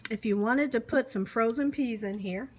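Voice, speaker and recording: A woman's voice: fairly high pitch, moderate pace, a little hiss or hum. A woman hosting a casual cooking vlog, tasting her dish on camera with lots of savoring hums and exclamations, talking straight to the viewers. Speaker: cooking channel host.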